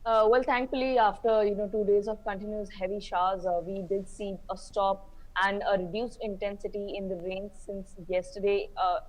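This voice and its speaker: A woman's voice: mid-range voice, rough recording. A woman field reporter giving a live update, hesitant with many fillers.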